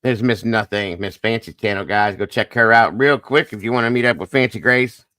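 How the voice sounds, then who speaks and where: A man's voice: on the low side, fairly quick, bright, forceful tone, no echo, studio quality. A man hosting a casual livestream, upbeat and friendly, greeting viewers by name one after another. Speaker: livestream host.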